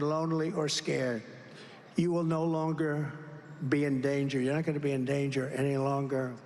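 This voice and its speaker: A man giving a rally speech with a slow, repetitive, measured delivery. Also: a little high. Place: large rally venue. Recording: echoey hall with crowd ambience.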